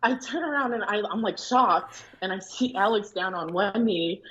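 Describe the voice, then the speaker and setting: A woman's voice: medium pitch, moderate pace, fairly bright tone, muffled recording. A young woman, a bride, telling her story as a guest in a casual chat, acting out the quotes and laughing often. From Filipino family in America.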